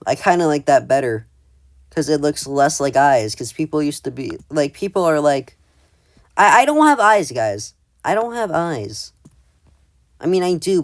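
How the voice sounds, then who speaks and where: A man's voice: mid-range voice, no room sound. Rambling, self-mocking man in a dry room. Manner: rambling, filler-heavy, self-deprecating. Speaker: video creator. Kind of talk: casual commentary ranking own old art.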